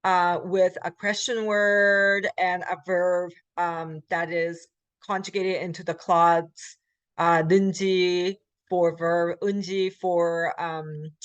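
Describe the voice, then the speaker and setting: A woman's voice: fairly low pitch, level tone, slow, clean tone, no room sound, dull audio. A woman teaching Korean grammar in a recorded lecture. She explains in American English, reads Korean example sentences, and often uses fillers and corrects herself. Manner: frequent fillers and self-corrections. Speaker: Korean language instructor.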